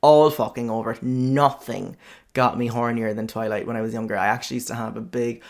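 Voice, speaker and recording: A man's voice: mid-range voice, fairly even intonation, a little fast, creaky. A man hosting a podcast, talking in a chatty, frank way, heavy on fillers and swearing. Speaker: podcast host. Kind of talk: casual podcast monologue.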